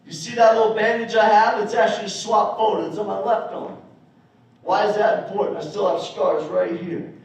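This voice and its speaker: A young man giving an energetic, storytelling motivational speech at a school assembly, talking straight to the kids. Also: sits high, brisk, gravelly. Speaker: motivational speaker. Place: school gym or auditorium. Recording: echoey hall, mic from far off.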